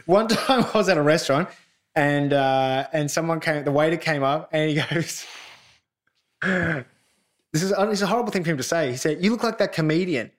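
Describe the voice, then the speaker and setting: A man hosting a casual remote podcast chat, telling animated stories with lots of restarts. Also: on the high side, moderate pace. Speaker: podcast host. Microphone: remote call.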